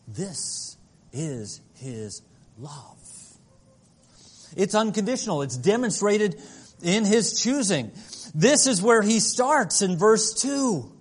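A man preaching a sermon, earnest and dynamic, shifting between soft passages and emphatic ones. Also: high voice, lively intonation, takes it slowly. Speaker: pastor.

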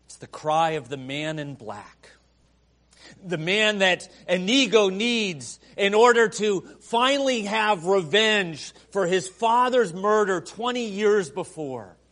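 High-voiced, slow, dramatic male preacher. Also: expressive. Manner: dramatic, swings from soft hushed prayer to loud emphatic preaching. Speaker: pastor. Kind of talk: sermon with opening prayer.

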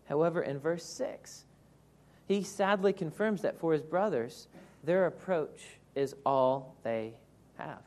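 A woman with a low voice delivers an earnest, reflective sermon. Her tone rises and falls widely as she teaches through scripture in a thoughtful, measured way. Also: a little mellow. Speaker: preacher.

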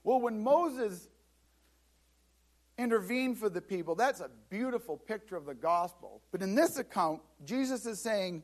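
A man preaching a sermon as pastor, lively and dramatic, acting out scripture scenes and often repeating words as he restarts. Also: sits high, measured pace. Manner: animated preaching, acts out Bible scenes.

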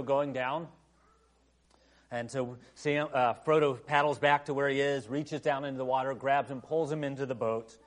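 A male pastor delivering a sermon in a conversational, storytelling manner, with frequent filler phrases. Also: mid-range voice.

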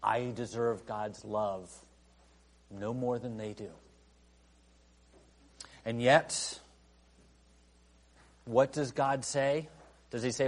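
A man preaching a sermon in a conversational way, full of "you know" fillers, who rises to emphatic outbursts and then drops quiet. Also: medium pitch, takes it slowly, vocal fry, long pauses, breathy edge. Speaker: pastor.

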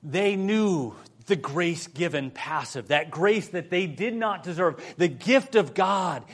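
A man preaching a sermon in a somewhat high voice. He tells personal stories with dry humorous asides. His delivery drops to a hush in prayer and rises when he stresses a point. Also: takes it slowly. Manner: storytelling with humorous asides, shifting from soft prayer to lively emphasis. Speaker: pastor.

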